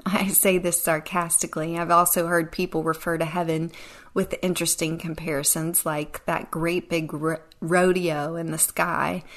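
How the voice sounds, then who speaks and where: A woman hosting a devotional podcast, speaking in an earnest, reflective way that sometimes sinks to a near whisper. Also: lowish voice. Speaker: podcast host.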